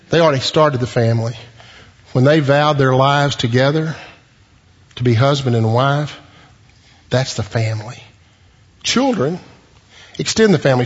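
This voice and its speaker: A male pastor preaching a sermon, animated, with joking asides. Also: medium pitch, measured pace, long pauses, slightly rough. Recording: dull lo-fi recording in a reverberant hall.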